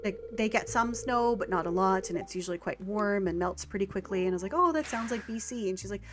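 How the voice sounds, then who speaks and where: A woman's voice: mid-range voice, fairly even intonation. A woman streaming a farming game, rambling in casual chat with lots of filler words. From Canada. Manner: rambling and chatty, with filler words and quick laughs. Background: faint game music.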